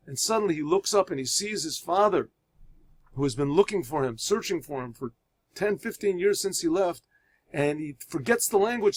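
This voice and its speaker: A rabbi teaching a religious class reads Hebrew phrases aloud and explains each in English. He tells parables, pausing and restarting as he goes, in a voice that is a little high.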